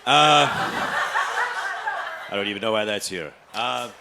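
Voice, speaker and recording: A man doing stand-up comedy in a club, telling deadpan stories about his family and chatting with the crowd. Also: lowish voice, measured pace, vocal fry, heavy background noise. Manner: deadpan storytelling, loud put-on voices for family.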